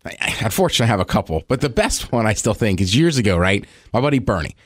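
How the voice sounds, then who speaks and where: A man co-hosting a podcast in casual chat, telling stories with a voice that jumps high when excited. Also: very fast, no room sound, clean studio sound. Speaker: podcast co-host.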